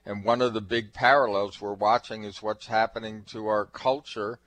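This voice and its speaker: A man with a somewhat low voice co-hosts a radio talk show. He thinks aloud as he goes, and his sentences pause on little fillers before he reaches his point. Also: level tone, fairly bright tone, low-quality recording. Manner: thoughtful, hesitant with fillers. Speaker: radio co-host.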